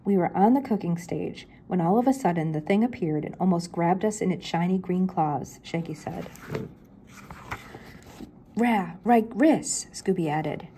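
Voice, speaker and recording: A woman's voice: lowish voice, dark tone, a little hiss or hum. An older woman, a grandmother, reading a children's mystery book aloud and lifting her voice for the characters' lines.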